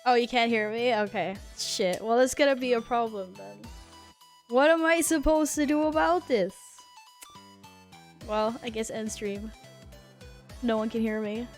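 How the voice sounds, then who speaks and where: Woman, streamer, headset mic, giggly, excitable, higher voice, unhurried pace, faint music behind. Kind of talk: casual stream chat.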